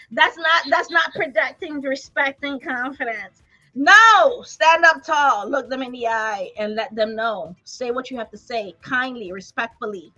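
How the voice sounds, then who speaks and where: A woman's voice: sits high, bright, forceful tone, muffled recording. A woman hosting a motivational talk, emphatic and preacher-like, laughing often. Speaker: host.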